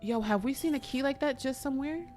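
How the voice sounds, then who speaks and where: A woman's voice: high-pitched, quick pace, a little mellow, soft background music. A woman streaming a game live, chatty and joking, talking to her chat. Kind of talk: casual live gameplay commentary.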